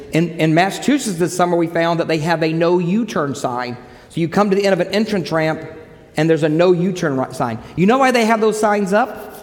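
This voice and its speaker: A man delivers a sermon in a lively, storytelling manner, acting out quoted lines as he goes. His voice sits a bit high for a man. It rings with the long reverb of a big hall. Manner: animated storytelling, quotes scripture. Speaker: preacher.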